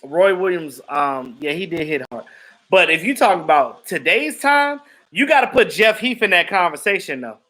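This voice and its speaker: Animated high-voiced man chatting live. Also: moderate pace, low-quality recording. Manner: animated, laughs often, acts out quotes. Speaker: live stream host. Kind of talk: casual chat reacting to viewers.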